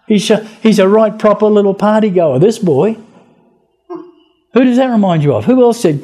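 Mellow-voiced male preacher. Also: high voice, normal speed. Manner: animated storytelling, acting out biblical voices. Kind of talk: sermon.

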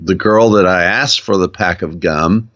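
A man's voice: low-pitched, a little slow, fairly bright tone, highs cut off. A man with a Southern US accent in casual chat as co-host, easygoing and laughing often.

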